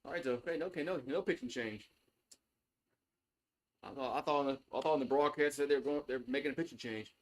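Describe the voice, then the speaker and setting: A man's voice: mid-range voice, a little fast, long pauses. A man giving casual play-by-play on a live stream, loose and chatty, swearing freely. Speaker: live stream sports host.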